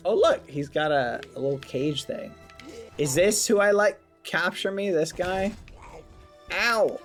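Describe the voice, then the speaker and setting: A man's voice: high-pitched, a little slow. A young man streaming a game and chatting casually with his viewers, telling stories as he plays. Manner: chatty, addresses chat, storytelling. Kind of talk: casual gameplay commentary. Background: faint game music.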